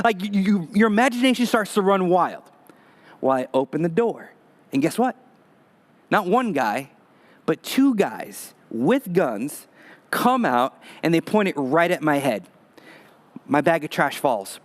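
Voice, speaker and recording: A man preaching a sermon as pastor, telling a personal story in a lively, conversational way with touches of humor. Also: fairly high pitch, measured pace.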